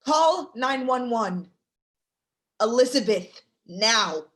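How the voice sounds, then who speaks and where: Teen girl begging everyone to calm down, woman reading, slowish delivery. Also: fairly high pitch. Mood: steadying. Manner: urgent, pleading. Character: steady teenage girl pleading for calm. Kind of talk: play reading.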